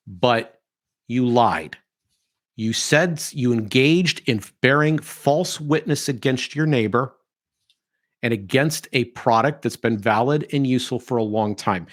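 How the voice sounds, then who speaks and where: A middle-aged man hosting a podcast, giving opinionated commentary in an animated, mocking way and sometimes mimicking others. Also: mid-range voice. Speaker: podcast host.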